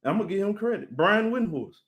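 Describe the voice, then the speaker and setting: A man talks loosely and energetically, as if running his own live sports stream. His voice sits a little high for a man. He keeps turning to address his viewers directly. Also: fast talker. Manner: animated, talks straight to chat viewers, shouting them out.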